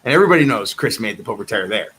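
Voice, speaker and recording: A man's voice: fairly low pitch, lively intonation, racing, fairly bright tone, slightly rough. A man delivering a rambling personal monologue, insistent and repetitive, circling back to the same claims again and again.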